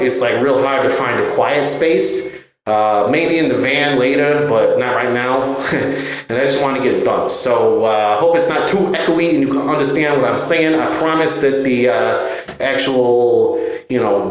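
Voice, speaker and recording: A man giving a relaxed, rambling podcast intro recorded in a bathroom while on tour. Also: mid-range voice. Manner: relaxed, rambling, many fillers. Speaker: podcast host. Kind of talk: casual spoken intro. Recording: very echoey bathroom.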